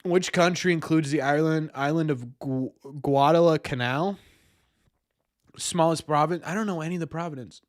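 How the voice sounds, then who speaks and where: A man's voice: fairly high pitch, moderate pace, dry recording, clean studio sound. A young man streaming, thinking aloud through a quiz and mocking himself when he gets answers wrong. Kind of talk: live stream chat.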